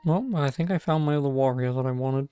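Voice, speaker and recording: A man's voice: mid-range voice, quick pace, dark tone, faint music behind. A man giving casual, sarcastic gameplay commentary as a streamer. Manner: wry, sarcastic. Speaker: let's play streamer.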